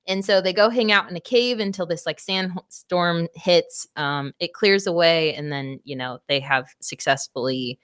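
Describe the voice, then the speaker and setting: A young adult woman co-hosting a book club podcast, retelling a plot in casual, profane chat with quick asides. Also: on the low side, fairly bright tone, clean tone, dry recording, studio quality.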